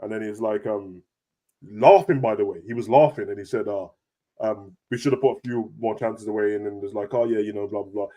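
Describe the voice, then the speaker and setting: A young man talks football at a rapid clip, full of street slang. His pitch leaps high when he gets worked up, and he rattles the points off quickly. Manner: animated, slangy, rapid banter with big pitch jumps. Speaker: football podcast host. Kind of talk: casual chat.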